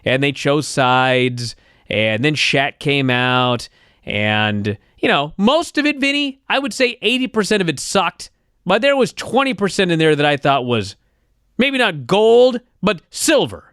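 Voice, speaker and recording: A man's voice: fairly high pitch, big pitch swings, measured pace, fairly bright tone, clear, resonant tone, no echo. A man co-hosting a podcast from a studio, chatting casually in an opinionated and profane way. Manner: opinionated, profane wrestling banter. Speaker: podcast co-host. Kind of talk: casual chat.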